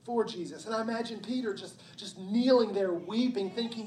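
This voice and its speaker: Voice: medium pitch, normal speed, hardly any pauses, a little mellow. A pastor preaching a sermon in a church, conversational and emphatic, often checking in with the listeners. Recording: roomy hall sound from a distance.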